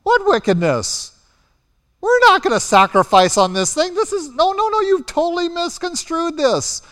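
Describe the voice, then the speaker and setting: A preacher voicing indignant ancient tribesmen. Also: male voice, high-pitched, animated, measured pace, a bit bright, clear, resonant tone, big-room sound, pitched above the performer's own voice. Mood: indignant protest. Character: defensive ancient tribesmen, indignant, protesting innocence.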